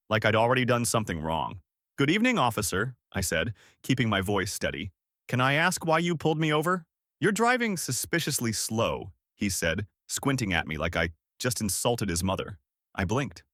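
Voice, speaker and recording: A man's voice: fairly low pitch, fairly bright tone, no room sound, studio quality. A man telling a first-person story in a wry, sardonic scripted narration.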